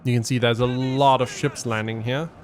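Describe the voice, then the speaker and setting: A man's voice: medium pitch, fairly even intonation, moderate pace. A man giving casual gameplay commentary as a let's play host, thinking aloud and explaining his tactics with frequent ums.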